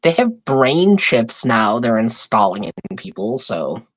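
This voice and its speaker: A woman hosting a live stream, telling a story in a profane, exasperated, animated way. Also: extremely low pitch, slow. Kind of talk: casual storytelling rant. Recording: dull lo-fi stream audio.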